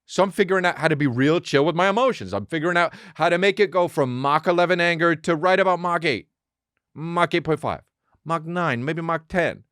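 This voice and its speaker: A man's voice: on the high side, a little fast, smooth, no room sound, studio quality. Profane, rambling male podcast host. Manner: rambling, profane, animated storytelling. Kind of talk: casual comedic monologue.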